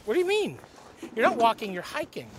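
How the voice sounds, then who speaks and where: A man's voice: extremely high pitch, huge pitch swings, fairly quick, slight background noise. A man hosting a podcast, chatting playfully and bossing his friend around on an outdoor hike. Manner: playful, bossy, teasing. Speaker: podcast host. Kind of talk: casual chat outdoors.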